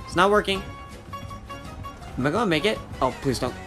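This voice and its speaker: A young gamer giving excited, profane commentary while playing, taunting the opponent. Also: mid-range voice, moderate pace, loud music behind the voice. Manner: excitable, swears a lot, taunts the enemy. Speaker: gamer doing live commentary. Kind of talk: casual gameplay commentary.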